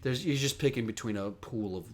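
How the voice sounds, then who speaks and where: A young man hosts a casual livestream question session, talking in a rambling, self-mocking way. His voice sits at a middle pitch, and he often jumps up in energy mid-sentence. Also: fairly quick. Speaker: host.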